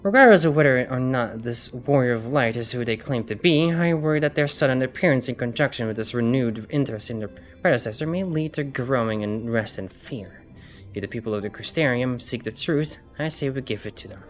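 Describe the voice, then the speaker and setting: A woman voicing a formal, scholarly fantasy game character, reading the dialogue in a measured way. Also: rumbling low, lively intonation. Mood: earnest. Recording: music behind.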